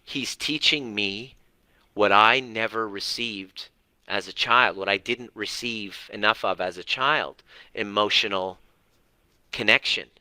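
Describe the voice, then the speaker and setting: A man's voice: on the low side, takes it slowly, sharp tone, clear, resonant tone, no room sound. A man talking earnestly to livestream viewers about parenting, repeating words for emphasis and swearing now and then. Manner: earnest, repetitive, mildly profane. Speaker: parenting coach.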